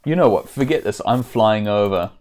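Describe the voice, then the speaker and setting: A man's voice: fairly low pitch, expressive, normal speed, darkish tone. A man giving chatty, casual commentary while streaming a game, with self-deprecating asides.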